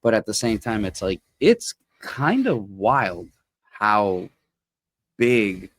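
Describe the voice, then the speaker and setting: A man's voice: on the low side, slow pace. A man hosting a podcast, chatting casually in a rambling way with many restarts. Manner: rambling, restarts often, animated when amused. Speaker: podcast host. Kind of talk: casual chat.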